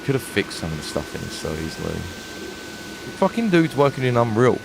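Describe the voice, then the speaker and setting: Streamer, London accent, very deep voice; sweary, annoyed gameplay commentary over a noisy desk mic. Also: male voice, big pitch swings, normal speed, vocal fry. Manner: frustrated, swearing rant. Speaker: game streamer. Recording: noisy home stream recording.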